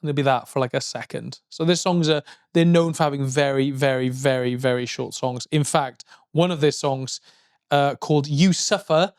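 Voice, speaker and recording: A man co-hosting a podcast in casual chat, rambling and joking, now and then yelping in a high mock voice. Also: normal speed, darkish tone, smooth, no room sound, studio quality. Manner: rambling, jokey, yelps high in mock vocals. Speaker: podcast co-host.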